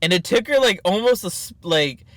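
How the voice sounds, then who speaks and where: Bright, laughing storyteller man. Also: sits high, a little fast, no room sound, studio quality. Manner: animated storytelling, frequent laughter and swearing. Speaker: podcast co-host. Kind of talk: casual chat while eating.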